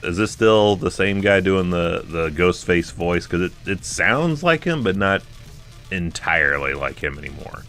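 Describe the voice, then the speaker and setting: A man's voice: sits low, animated, unhurried, a bit bright, soft background music. A man in his forties co-hosting a film podcast, chatting casually and rambling with frequent restarts. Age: 40s. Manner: rambling, restarts, laughs often. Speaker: podcast co-host.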